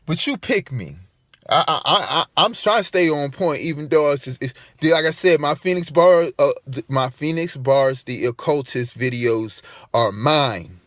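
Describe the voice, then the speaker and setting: A man's voice: fairly high pitch, lively intonation, measured pace, fairly bright tone, dry recording, studio quality. A man delivering an emphatic, profane vlog rant, hammering his points by repeating them. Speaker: vlogger. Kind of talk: ranting monologue to camera.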